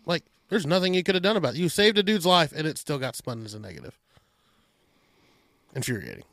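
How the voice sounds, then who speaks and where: A man hosting a podcast, telling stories in a casual, animated, profane way. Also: fairly high pitch, quick pace, gravelly, no echo. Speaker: podcast host. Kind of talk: casual chat.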